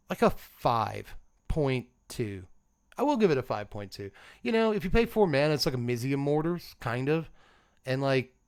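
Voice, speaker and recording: A man's voice: mid-range voice, smooth. Rambling casual man reviewing cards. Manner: rambling, laughs often, lots of fillers. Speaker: host of a card game channel.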